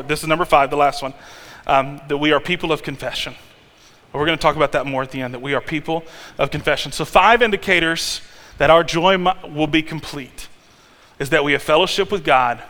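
A male pastor preaching a sermon in a conversational, animated way, with restarts and sudden loud peaks. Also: fairly high pitch. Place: church sanctuary. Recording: long hall reverb.

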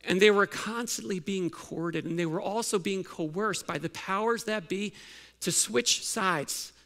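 Gravelly high-voiced pastor preaching. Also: male voice, unhurried, bright, forceful tone. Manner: conversational, asks many questions with fillers and restarts. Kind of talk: sermon.

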